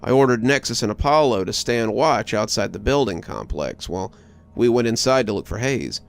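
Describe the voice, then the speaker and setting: A man reading a horror story aloud in a low, hushed scripted narration. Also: lively intonation, normal speed, vocal fry.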